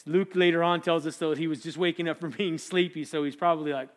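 Animated preacher, man with a higher voice. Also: fast, hardly any pauses. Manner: animated, jokey, acts out biblical voices. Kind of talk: casual sermon.

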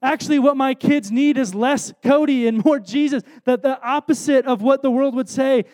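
A man in his thirties delivers a sermon with a strikingly high voice for a man. His preaching is earnest and conversational, with self-deprecating asides. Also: moderate pace, hardly any pauses, a little mellow.

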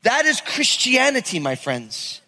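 A man from New York preaching a sermon as pastor, animated and conversational, acting out stories. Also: very high voice, unhurried, big-room sound. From New York area. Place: church sanctuary.

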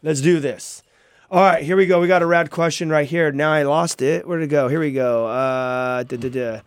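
A male call-in radio host keeps things upbeat and loose, full of casual slang. His voice is a little higher than usual for a man. The room sound is dry. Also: fairly even intonation, normal speed, clear, resonant tone, dry recording. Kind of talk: live call-in radio hosting.

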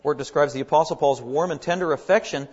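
A man's voice: a little high, fast talker, a little mellow, lo-fi sound. A man preaching a sermon, earnest and emphatic, leaning hard on key words as he builds his points. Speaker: pastor.

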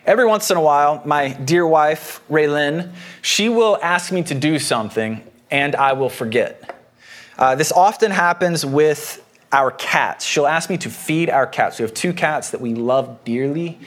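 A man's voice: a little high, unhurried, fairly bright tone. A man preaching a sermon as pastor in a conversational way, explaining a passage with homely personal anecdotes.

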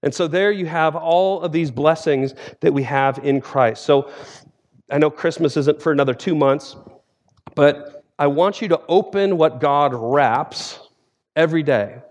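Man in his forties telling a lively sermon story. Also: fairly high pitch, measured pace. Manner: lively storytelling, acts out scenes. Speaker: guest preacher, theology professor.

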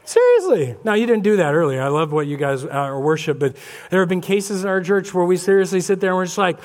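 A man preaching a lively sermon as pastor, acting out little scenes and voices of churchgoers. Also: sits high, fast talker. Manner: animated, acts out congregation voices. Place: church sanctuary.

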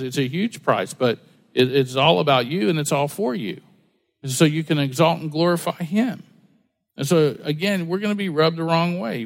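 A man's voice: a little high, gravelly. A man preaching a conversational sermon, folksy and full of stories and rhetorical questions. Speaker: pastor.

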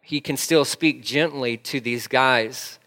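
A man's voice: medium pitch, slow, sharp tone. A man preaching a casual, conversational sermon, emphatic and repeating phrases for stress. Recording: long hall reverb.

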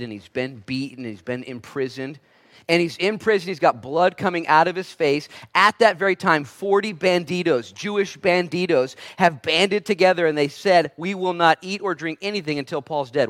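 Dynamic preacher man, fairly high voice. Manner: preaching with wide swings from hushed to loud, acting out quoted voices. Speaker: pastor. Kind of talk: sermon.

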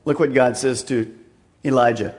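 A man preaching a sermon, swinging from loud, raised emphasis down to a hushed near-whisper and repeating words as he drives points home. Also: mid-range voice, fairly even intonation, normal speed. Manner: repeats words and restarts mid-phrase. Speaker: pastor.

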